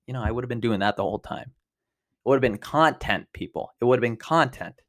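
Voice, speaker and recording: Young guy in his 20s spinning a wild story on his podcast, loud then quiet, voice all over the place. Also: fairly quick. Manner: animated, exaggerated storytelling with big swings in pitch and loudness. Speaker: podcast host. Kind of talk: casual storytelling monologue.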